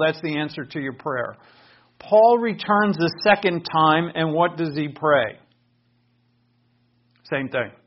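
A man preaching a sermon in an earnest, explanatory way, asking his listeners questions. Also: fairly high pitch. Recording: dull lo-fi recording.

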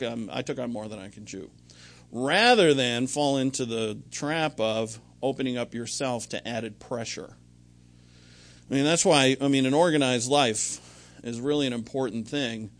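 Rambling, conversational man preaching a sermon. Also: medium pitch. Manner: conversational, rambling with restarts and anecdotes. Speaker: pastor.

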